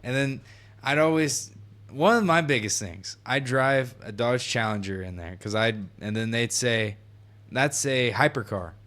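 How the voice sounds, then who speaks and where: Man, 19, podcast co-host, casual and profane, acts out quotes, mid pitch. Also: a little slow, fairly bright tone. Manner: laughing, swearing, acting out quotes. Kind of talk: casual chat.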